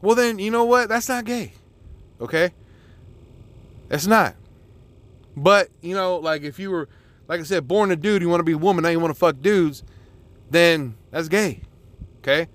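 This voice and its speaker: Man, podcast host, casual solo monologue, swears constantly, rambles with lots of restarts, voice sits a bit high. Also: normal speed, long pauses, fairly bright tone, dry recording. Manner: rambling and profane, with many restarts and filler words.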